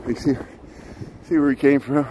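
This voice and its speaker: A man's voice: mid-range voice, little pitch movement, moderate pace, mellow. A man live-streaming a city walk, chatting casually to viewers and greeting them by name, a little out of breath from walking and talking. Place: outdoors on city streets and park paths. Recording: wind noise on the mic outdoors. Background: traffic and wind.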